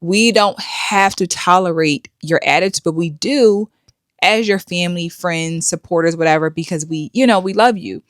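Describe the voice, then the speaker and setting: Middle-aged lady host, preachy and blunt, lowish voice. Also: moderate pace, no room sound, studio quality. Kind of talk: commentary vlog.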